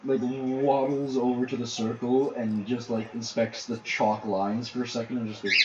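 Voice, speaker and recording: A man running a tabletop game, narrating in a halting way with many fillers. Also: medium pitch, little pitch movement, dark tone, roomy sound, highs cut off, a little hiss or hum. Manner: halting, filler-heavy storytelling. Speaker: game master.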